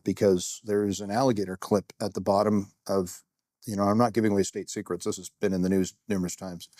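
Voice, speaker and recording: A man's voice: lowish voice, dark tone, no room sound, studio quality. Candid self-deprecating middle-aged man. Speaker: security guard. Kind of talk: first-person storytelling.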